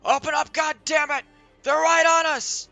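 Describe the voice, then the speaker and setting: A man voicing a frantic male dwarf soldier who shouts desperately from the far side of a door. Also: extremely high pitch, flat delivery, moderate pace, gravelly, no echo, soft background music, pitched above the performer's own voice, full character voice. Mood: frantic shouting.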